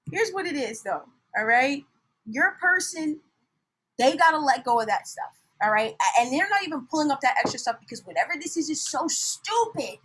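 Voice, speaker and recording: A young woman talks through a tarot reading in a loose, animated way. Her voice sits high, dropping to near mutters and then bursting out loud, with frequent laughs and blunt language. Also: moderate pace, poor audio. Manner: animated, swings from soft mutters to shouts, laughs often, swears. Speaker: tarot reader. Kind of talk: casual tarot reading monologue.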